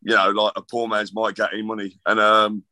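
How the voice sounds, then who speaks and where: A man's voice: on the low side, completely flat delivery, normal speed, pushed and bright, no echo. A middle-aged man, a guest author rambling through casual chat with self-deprecating jokes.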